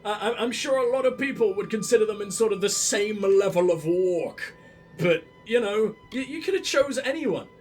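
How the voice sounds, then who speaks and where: Animated, sarcastic young gamer guy. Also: sits high, moderate pace, faint music behind. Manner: sarcastic, profane, mocking. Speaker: let's play gamer. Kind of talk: sarcastic gameplay commentary.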